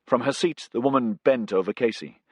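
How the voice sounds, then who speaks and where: A man reading a science fiction audiobook as narrator, in a measured storytelling manner. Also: medium pitch, breathy edge, dry recording, clean studio sound. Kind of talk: scripted narration.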